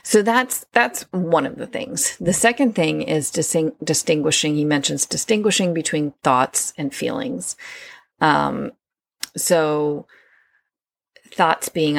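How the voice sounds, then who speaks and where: A woman's voice: sits low, a little slow, gravelly, no echo. A woman hosting a solo podcast, talking conversationally with fillers and restarts. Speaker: podcast host.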